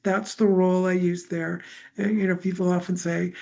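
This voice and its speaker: A middle-aged woman leading a live healing session, talking gently and musingly about feelings and breath, with many fillers. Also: on the low side, level tone, moderate pace, vocal fry. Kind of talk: guided healing talk.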